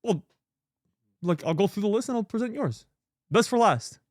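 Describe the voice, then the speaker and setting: A man's voice: sits high, animated, normal speed, no echo, studio quality. A man hosting a live stream, talking casually and in a scattered, muttering way while sorting files, swearing freely now and then. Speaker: streamer host.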